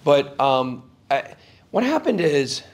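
A man's voice: fairly high pitch, very animated, slow. A man as an interview guest before a live audience, telling a story in an emphatic, rambling way, his voice jumping up sharply when he gets worked up.

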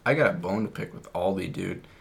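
A man with a fairly low voice, trading casual banter on a podcast. He talks loosely, swears often and laughs at his own slips. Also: brisk, vocal fry, crowd noise. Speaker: podcast co-host.

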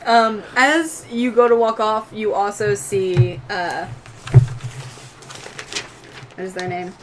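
A woman's voice: mid-range voice, fairly even intonation, slow pace, background noise. A woman game master narrating a tabletop game dramatically, swearing casually.

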